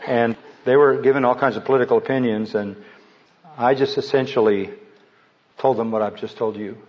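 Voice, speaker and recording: A man preaching a sermon, rising to loud, slow declamation when he quotes scripture. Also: medium pitch, steady tone. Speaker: pastor. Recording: slightly muffled recording.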